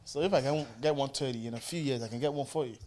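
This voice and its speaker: A man co-hosting a podcast in casual chat, laid-back and soft-spoken with a quiet, jokey manner. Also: medium pitch, quick pace, background noise. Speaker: podcast co-host.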